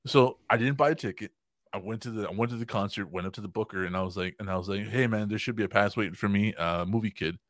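A man's voice: on the low side, fast talker, no room sound, studio quality. A man in his twenties telling a story on a podcast, laughing often, swearing freely and acting out what other people said. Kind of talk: casual storytelling chat.

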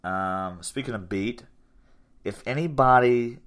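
A man's voice: medium pitch, takes it slowly, a bit bright. A young man in his twenties, hosting a casual podcast chat about his gym, rambling and upbeat. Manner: rambling, upbeat, self-promoting. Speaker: podcast host and gym owner.

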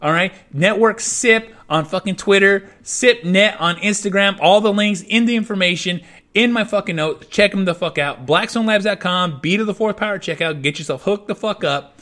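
A man's voice: high-pitched, normal speed, fairly bright tone. A man hosting his own podcast, delivering an angry, profanity-heavy rant in a fuming, repetitive way. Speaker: podcast host.

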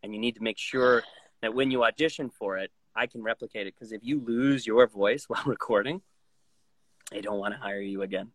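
Speaking briskly in a voice on the low side, a male voice actor chats casually as an interview guest, with no echo on the recording. He's animated, dropping into impressions and voices mid-sentence.

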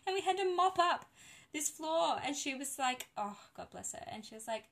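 A woman casually telling a birth story on a podcast, animated and laughing often. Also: high-pitched, slow pace, long pauses, slight background noise.

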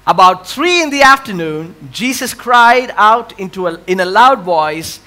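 A man preaching a sermon as a pastor, questioning the congregation and swinging between loud impassioned cries and hushed, quiet lines. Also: lively intonation, a little slow. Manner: swells loud and high on impassioned cries, drops to quiet near-whispers.

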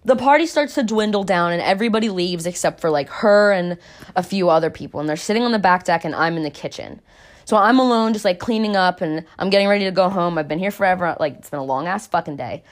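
A woman's voice: on the low side, quick pace. Young woman telling a story in a chatty way. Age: young adult. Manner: chatty and candid, peppered with "like" and swearing; acts out quoted voices in the retelling. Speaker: vlogger. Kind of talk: casual storytelling.

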